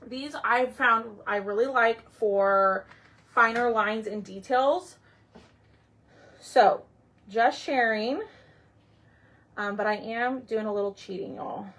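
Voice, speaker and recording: High-pitched and fairly bright, a woman hosts a live crafting tutorial slowly, leaving long pauses. She talks with viewers by name as she works, voicing her thoughts and often trailing off.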